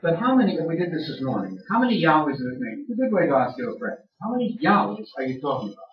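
An older man delivers a lively lecture to a church audience, prodding them with pointed questions. His voice sits a little high and sounds distant, caught in a roomy space on a dull, muffled recording. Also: fast talker. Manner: teasing, challenges the audience with questions. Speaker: speaker addressing a church audience. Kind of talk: lively sermon-style lecture. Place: large room with an audience. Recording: echoey room, far from mic, dull sound.

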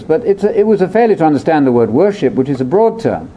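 Animated man explaining scripture. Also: fast talker, a little hiss or hum. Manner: animated, explanatory, jumps between high and low pitch. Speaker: Bible teacher. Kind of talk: conversational Bible discussion.

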